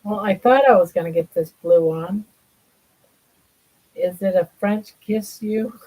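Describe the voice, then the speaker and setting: A mellow, husky older woman talks slowly on a casual livestream from her home. She drifts between chatting with viewers and cooing to her pets in baby talk. Her tone stays soft and unhurried. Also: mid-range voice, rough recording. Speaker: livestream host.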